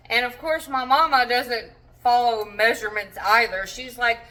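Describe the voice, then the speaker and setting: A woman's voice: on the high side, steady tone, normal speed, few pauses, pushed and bright, recorded from a distance, low-quality recording. A young woman chatting casually while cooking in her home kitchen, rambling with self-deprecating asides. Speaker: home cook vlogger.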